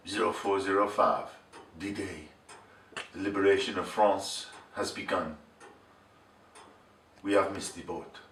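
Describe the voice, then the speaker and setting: Brief: man putting on a pompous newsreel announcer, very low and dramatic, slow, heard from far off. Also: fairly even intonation, fairly bright tone, echoey room, a little hiss or hum, exaggerated voice. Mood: grandiose. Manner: slow, solemn and grandiose delivery.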